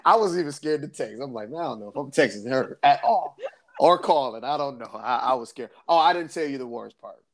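A man's voice: medium pitch, lively intonation, a little fast. A man, co-hosting a podcast and telling an emotional family story with many restarts. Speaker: podcast co-host. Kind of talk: casual podcast chat.

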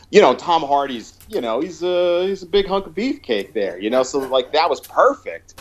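A man's voice: mid-range voice, animated, moderate pace, hardly any pauses. A man chatting casually about a movie, rambling with lots of fillers and restarts. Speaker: podcast co-host. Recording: dull lo-fi sound.

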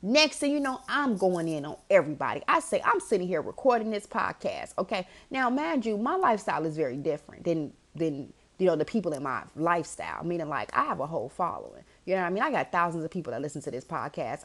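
A woman hosting a podcast, telling a story in an animated, emphatic casual monologue, swearing and calling the listener "girl". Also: fairly low pitch, quick pace, hardly any pauses. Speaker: podcast host.

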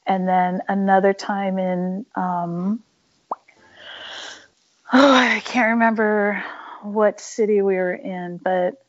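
Speaking slowly with long pauses, the punk musician keeps a steady, medium-pitched tone as she shares frank, emphatic stories, filler words scattered throughout. It's a relaxed interview recorded in muffled lo-fi sound.

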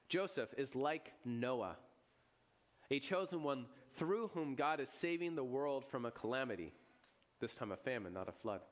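A man as a pastor giving a sermon, retelling a scripture story with casual asides and chuckles, his voice jumping to loud, high bursts and then dropping to hushed, solemn lows. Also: animated, moderate pace. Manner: chuckles and asides in everyday speech.

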